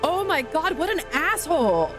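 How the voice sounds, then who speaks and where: A woman's voice: sits high, very animated, normal speed, music in the background. A woman giving blunt gameplay commentary, swearing freely as she reacts. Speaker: gaming video creator.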